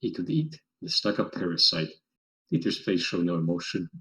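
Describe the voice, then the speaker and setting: A man reading a fan story aloud to friends in a voice chat, measured, with stumbles and restarts. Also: low voice, very animated, a bit bright, rough recording. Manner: reads in a plain measured way with stumbles and chuckles. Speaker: story reader.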